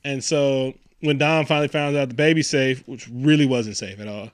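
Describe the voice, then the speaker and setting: A man recapping a movie in casual chat, animated and profane, acting out lines from the scenes. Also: mid-range voice, normal speed, smooth, dry recording, studio quality. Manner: animated, profane, acts out quotes in silly voices. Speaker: podcast co-host.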